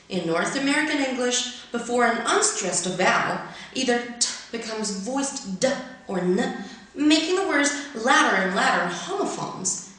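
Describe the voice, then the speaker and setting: A woman presenting an English pronunciation lesson, explaining clearly and reading word pairs carefully, her first language Chinese. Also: mid-range voice, a bit bright. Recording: very echoey room.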